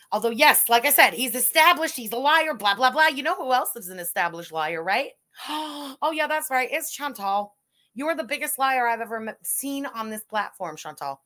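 A woman's voice: a little high, pushed and bright. A woman hosting a live reaction stream, answering a clip with sarcastic, mocking retorts.

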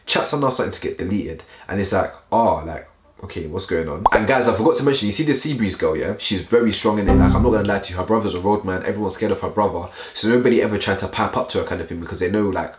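Fast-talking deep-voiced man. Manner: slang-heavy, animated storytelling to viewers. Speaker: vlogger. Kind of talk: storytime vlog. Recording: roomy echo.

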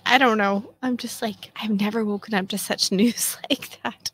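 A woman's voice: medium pitch, fairly even intonation, moderate pace, few pauses, a bit bright, breathy edge. A woman in her fifties hosting a casual solo podcast chat, talking in a chatty, self-mocking way with lots of fillers. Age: 50s. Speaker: podcast host.

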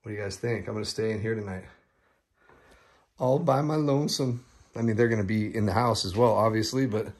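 A man from the United States vlogging a casual walk-through of a big rental house, chatty and excitable, talking to viewers as guys and breathing a little heavily. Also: on the low side, fairly quick. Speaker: vlogger giving a house tour. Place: large rental house indoors.

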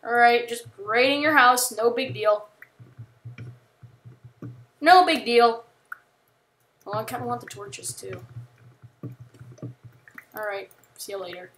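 A woman chatting casually while playing a video game, rambling and joking, with sudden panicked yells. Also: on the high side, slow pace, pauses often. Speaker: gamer. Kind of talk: casual gameplay commentary.

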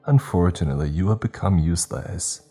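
A man's voice: low-pitched, fairly quick, mellow, breathy edge, faint music behind. A man voicing a scowling woman official who speaks in a clipped, contemptuous way. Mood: cold. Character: cold scowling woman official ending a program.

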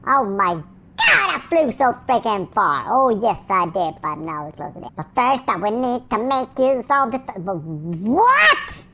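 A woman's voice: a little high, very animated, measured pace, noisy background. A woman voicing a goofy, childish baby hedgehog while commenting on a game, full of silly rhymes, made-up sound effects and sudden yelps. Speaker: gameplay commentator in character.

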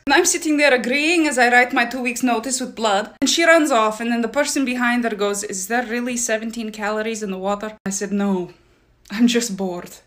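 A woman telling a sarcastic story about her fast food job. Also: a little high, fairly bright tone. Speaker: former fast food worker. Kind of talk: storytime retelling.

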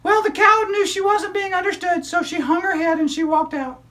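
A man voicing a perky, chatty female puppet sidekick who tells stories eagerly in a children's puppet show. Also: pushed and bright. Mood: excited. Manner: eager, rushing storyteller, high squeaky voice.

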